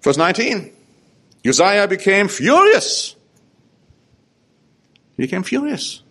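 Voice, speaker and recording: A man's voice: high-pitched, big pitch swings, slow, fairly bright tone. A man preaching a sermon, reading scripture aloud and stressing points with rhetorical questions. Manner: emphatic, asks rhetorical questions.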